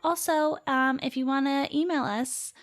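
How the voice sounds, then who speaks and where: A woman's voice: sits high, steady tone, normal speed. A young woman co-hosting a podcast, speaking in an upbeat, breezy way. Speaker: podcast co-host. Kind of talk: casual chat.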